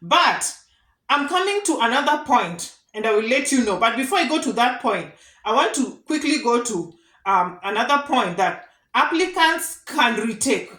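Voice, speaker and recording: A woman's voice: on the high side, big pitch swings, moderate pace, bright, forceful tone. A woman giving earnest, repetitive advice straight to her viewers in a casual vlog. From Kenya. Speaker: vlogger giving advice to immigrants. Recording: echoey room.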